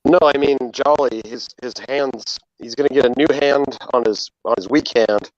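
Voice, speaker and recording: A man calling in from his phone while out, talking about puppets in an unhurried way with plenty of fillers. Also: medium pitch, dry recording. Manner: unhurried, explains things with fillers. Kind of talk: casual chat. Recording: dull, robotic phone mic.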